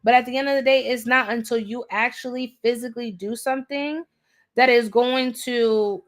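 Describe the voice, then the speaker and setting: A woman's voice: fairly high pitch, steady tone, normal speed. A woman giving a live tarot reading, blunt and direct, scolding her viewer in slangy talk and repeating herself for emphasis. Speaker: tarot reader.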